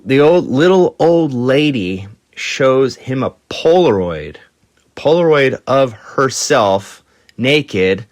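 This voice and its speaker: A man hosts a podcast, telling rock stories in a loose, casual way. He swears freely and acts out quotes in a raised, higher voice. The recording is studio quality with no echo.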